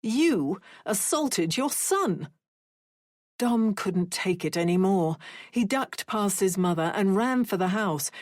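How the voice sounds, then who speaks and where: Unhurried female audiobook reader, mid-pitched, dry close recording. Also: a little mellow, no room sound. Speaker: audiobook narrator. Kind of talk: audiobook narration.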